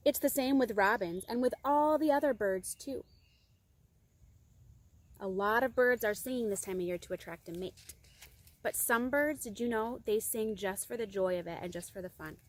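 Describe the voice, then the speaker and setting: Upbeat woman reader, slightly high voice, doing children's storytime outside. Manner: bright, expressive storyteller talking to kids. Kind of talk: reading a picture book aloud to children. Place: outdoors among singing birds.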